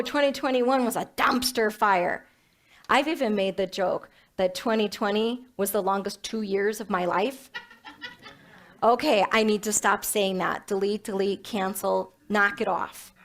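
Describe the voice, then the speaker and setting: A woman minister giving a sermon in a playful, animated way, with self-mocking humor. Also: medium pitch.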